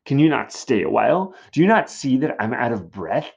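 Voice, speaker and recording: A man's voice: mid-range voice, sing-song, normal speed, creaky, breathy edge, pitched above the performer's own voice, heavily acted. A man voicing an old woman who complains about her aches and teases, reading verse in a raised, groaning voice. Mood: complaining. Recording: dull lo-fi recording.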